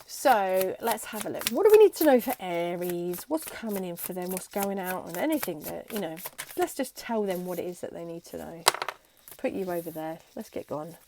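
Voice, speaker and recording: A woman's voice: lowish voice, lively intonation, moderate pace, noisy background. A young adult woman chatting casually to camera as she gives a tarot reading. She is bubbly and now and then slips into playful voices. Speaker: tarot reader.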